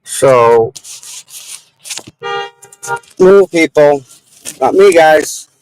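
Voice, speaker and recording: A man's voice: fairly high pitch, expressive, very slow, a little mellow, clean tone, rough recording. A man chatting live to his viewers from inside his car, rambling and grumbling at other drivers. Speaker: livestream host. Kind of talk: casual live-stream chat while driving.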